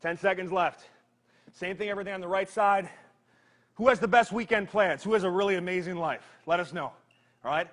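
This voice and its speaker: A man leading a live workout, energetic and joking, counting down reps while he strains through the exercises himself. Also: sits high, fairly quick. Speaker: fitness trainer.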